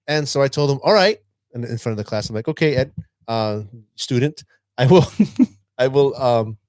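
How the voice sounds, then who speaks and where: Brief: male podcast co-host, teacher, lively storyteller, dry sound, middle pitch. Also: no room sound. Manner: animated, acts out a student's lines. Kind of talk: casual storytelling chat.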